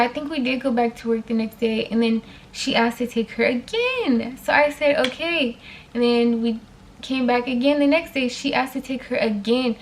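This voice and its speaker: A woman telling a personal story to her viewers in a casual storytime vlog, animated, with frequent fillers and direct asides to them. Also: on the high side, a little hiss or hum.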